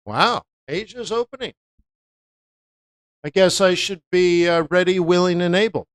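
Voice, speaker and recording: Brief: live-stream forex host, middle pitch, chatty and repetitive, dry close sound. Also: animated, moderate pace, dry recording. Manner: chatty, anecdotal, repeats words for emphasis, laughs often; slips into voices when quoting others. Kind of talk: casual live-stream market commentary.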